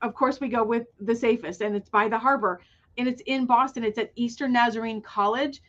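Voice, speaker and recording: A woman's voice: fairly high pitch, steady tone, fairly quick, a bit bright, dull audio. A woman guest on an online webinar, describing her events with enthusiasm and many fillers. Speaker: guest, retreat organizer. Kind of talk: webinar conversation.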